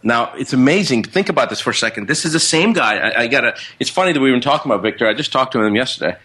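Husky-voiced man telling a story. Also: mid-range voice, rapid-fire. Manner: animated, acts out quoted speech. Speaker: guest. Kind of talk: casual storytelling.

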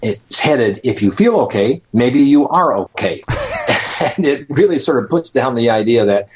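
A man co-hosting a talk radio show, speaking in a measured, calm way. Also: mid-range voice, a little hiss or hum. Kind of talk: casual talk radio chat.

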